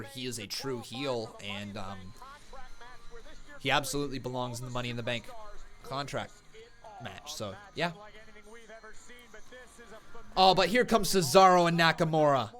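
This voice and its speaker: A young man hosting a live watch-along stream, giving casual commentary that flares into loud excited outbursts. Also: mid-range voice. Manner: excitable, bursts into loud shouts.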